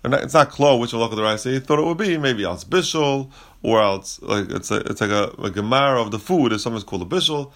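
A man teaching a Talmud passage, reading Aramaic phrases and explaining them in relaxed, conversational English. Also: medium pitch, fast talker.

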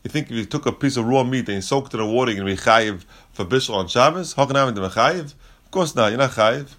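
A man teaching a Talmud passage, reading Aramaic phrases and explaining them in relaxed, conversational English. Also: medium pitch, quick pace.

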